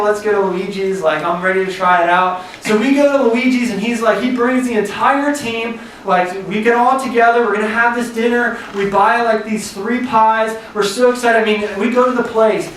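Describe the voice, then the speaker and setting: A man's voice: high-pitched, fairly bright tone, slight background noise. A man preaching a sermon, telling a story casually and filling it with "like" and "you know". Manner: casual storytelling, many "like" fillers. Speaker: pastor. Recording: echoey hall recorded from a distance.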